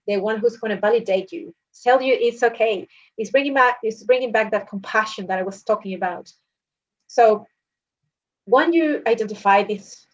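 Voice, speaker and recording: A woman dietitian talks through a presentation in an earnest, coaching manner. Her pitch sits in an ordinary middle range. The recording is somewhat dull and lo-fi.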